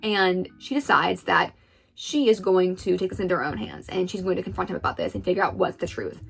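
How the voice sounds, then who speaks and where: A woman retells someone else's story at a brisk, rapid clip. She is chatty and casual, dropping into quoted lines. Faint background music sits under her voice. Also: lowish voice, gravelly, a bit bright, husky. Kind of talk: story recap commentary.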